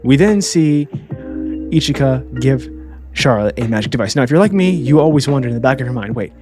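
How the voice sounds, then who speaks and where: A man's voice: mid-range voice, lively intonation, fairly quick. A man casually recapping an anime for his channel, chatty, and often adding "all right?" as a tag. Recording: clear background music.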